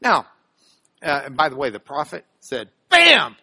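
A man teaching scripture for a radio broadcast, dramatic with sudden loud emphasis and chatty asides asking if listeners follow. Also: medium pitch, moderate pace, husky, no room sound. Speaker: Bible teacher.

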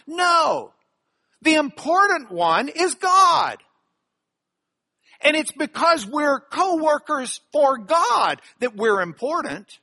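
A middle-aged man from Texas, teaching a Bible study with emphatic, animated delivery. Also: very high-pitched, slow.

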